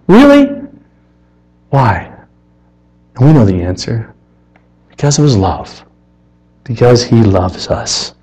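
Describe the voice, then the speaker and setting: A man preaching a sermon in an earnest way, rising to animated emphasis and dropping to quiet asides. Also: high voice, low-quality recording.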